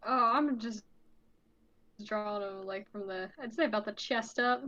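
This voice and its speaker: A woman's voice: medium pitch, a little slow, bright, forceful tone, muffled recording. A woman guest chatting casually on a livestream, telling work stories with many "like" fillers. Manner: chatty storyteller, lots of "like" fillers. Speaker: guest artist.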